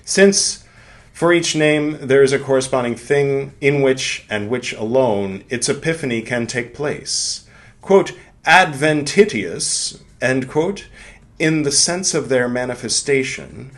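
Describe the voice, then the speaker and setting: A man hosting a podcast, reading a philosophy text aloud slowly and breaking off for irreverent, joking asides. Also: mid-range voice. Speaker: podcast host.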